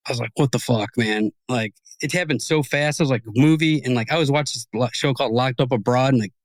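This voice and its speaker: Fast-talking man swapping profane stories. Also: medium pitch, no echo. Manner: swears freely, animated and rambling. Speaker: podcast host. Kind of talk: casual chat, storytelling.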